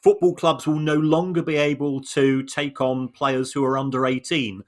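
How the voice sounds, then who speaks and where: A man co-hosting a podcast, explaining points in a measured way with frequent restarts and repeated words. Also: mid-range voice, flat delivery. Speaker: podcast co-host. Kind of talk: conversational analysis.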